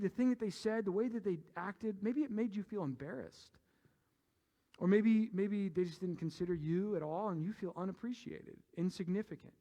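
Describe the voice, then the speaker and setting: High-voiced preacher man calling for amens. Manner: animated, calls for amens, playful teasing of the crowd. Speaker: pastor. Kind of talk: sermon.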